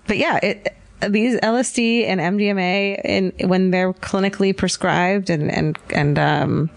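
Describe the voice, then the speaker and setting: A woman's voice: mid-range voice, measured pace, creaky, dry recording. A woman co-hosting a podcast, blunt and opinionated, swearing heavily. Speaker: podcast co-host. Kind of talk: casual chat.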